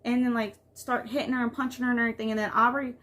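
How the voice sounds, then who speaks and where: Rambling, venting mom vlogger. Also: female voice, a little high, flat delivery, very fast, a bit bright. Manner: rambling, venting, heavy use of "like". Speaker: vlogger and mother. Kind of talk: casual confessional vlog talk.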